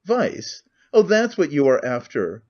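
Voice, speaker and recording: A man's voice: fairly high pitch, sing-song, measured pace. A man voicing a cynical, talkative middle-aged nobleman who rambles with languid candor, on a muffled lo-fi recording.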